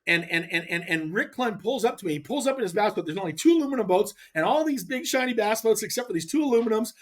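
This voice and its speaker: A man as a guest telling a long, animated story in casual chat, emphatic and rambling. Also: high voice, fast talker. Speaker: guest angler.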